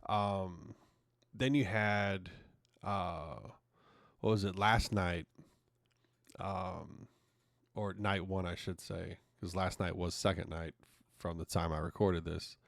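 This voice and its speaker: A man's voice: sits low, fairly even intonation, slow pace, creaky, long pauses, a bit bright, no echo, studio quality. A man hosting his own podcast, ranting casually and swearing often in an exasperated way. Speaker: podcast host. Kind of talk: casual opinion monologue.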